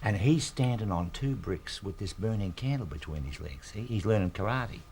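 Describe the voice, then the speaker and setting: A man's voice: lowish voice, lively intonation, moderate pace, darkish tone, a little hiss or hum. An actor in his sixties with an Australian accent, playing a retired working-class husband who tells long jokes, rambling and fumbling for words. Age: 60s. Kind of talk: scripted TV sitcom acting.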